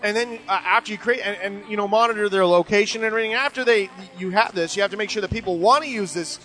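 A middle-aged man talks fast over a low-quality recording while hosting a show. He rambles casually through listener emails, joking and sarcastic, his animated voice jumping suddenly in pitch.

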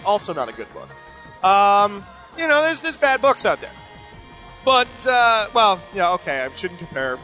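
A middle-aged man hosting a show, rambling casually and sarcastically as he answers listener emails. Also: low-quality recording. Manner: joking, sarcastic, animated with sudden pitch jumps.

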